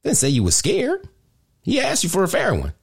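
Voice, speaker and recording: A man hosting a podcast, ranting indignantly in casual, profane street slang, often jumping high with emphasis. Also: huge pitch swings, normal speed, creaky, slightly rough. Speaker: podcast host.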